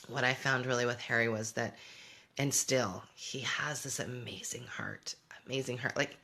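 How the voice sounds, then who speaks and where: A woman's voice: rumbling low, creaky, fairly bright tone. A middle-aged woman hosting a casual livestream, talking reflectively and answering viewer comments as she goes. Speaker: homeschooling parent and show host.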